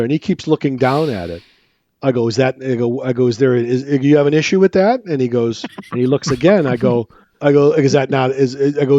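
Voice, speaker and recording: A man's voice: medium pitch, warm tone. A man on a podcast telling a rambling, profane story, acting out his own lines and repeating himself as he goes. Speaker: podcast co-host. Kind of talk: casual storytelling chat. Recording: dull lo-fi recording.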